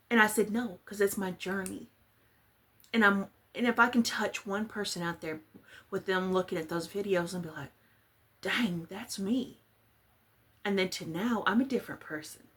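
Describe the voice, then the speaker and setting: A woman's voice: medium pitch, fairly bright tone, slightly rough. A woman from Texas, chatting casually and rambling as she works on a craft project. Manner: chatty, rambling, self-deprecating. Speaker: crafting vlogger. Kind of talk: casual chat while crafting.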